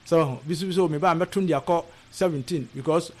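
Man from Ghana, higher voice, halting. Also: darkish tone. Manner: hesitant, many filler sounds and restarts. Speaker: interview guest. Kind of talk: casual conversational interview.

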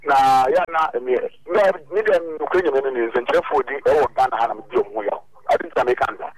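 A man's voice: mid-range voice, quick pace, poor audio. A man calling in to a radio show, speaking earnestly over the phone.

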